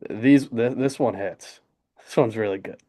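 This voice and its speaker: A young man in his twenties co-hosting a casual sports podcast, excited and rambling with lots of fillers. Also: mid-range voice, a little slow, dry recording. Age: 20s. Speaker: podcast co-host. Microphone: desk podcast mic.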